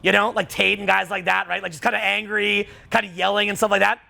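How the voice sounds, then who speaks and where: A man's voice: high-pitched, little pitch movement, quick pace, creaky, pushed and bright. A middle-aged man coaching a live seminar audience, blunt and profane, rising to heated outbursts. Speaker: dating and social skills coach.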